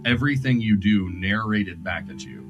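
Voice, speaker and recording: A man narrating as game master of a tabletop game, lively and playful, often laughing. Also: fairly low pitch, normal speed, muffled recording. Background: background music.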